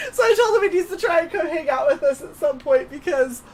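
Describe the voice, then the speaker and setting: A woman co-hosting a casual evening stream, telling stories in an animated way and laughing often. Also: high-pitched, quick pace, a loud crowd. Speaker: stream co-host. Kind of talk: casual chat. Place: home streaming setup.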